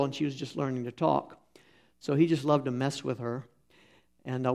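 A man's voice: on the high side, a little mellow. A middle-aged man preaching a sermon, telling folksy stories with fillers and restarts. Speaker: pastor. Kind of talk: sermon with anecdotes.

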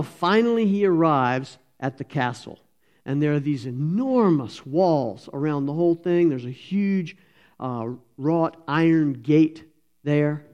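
A pastor tells a sermon story, folksy and animated, voicing each character himself. His voice is gravelly and dark, with a mellow edge. The recording is a little dull and lo-fi. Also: mid-range voice. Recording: slightly dull lo-fi sound.

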